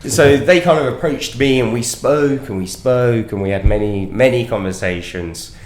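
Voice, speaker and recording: A young man, a head chef, telling stories on a podcast in a lively, casual way, swearing and mimicking people. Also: mid-range voice, normal speed, reverberant. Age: young adult.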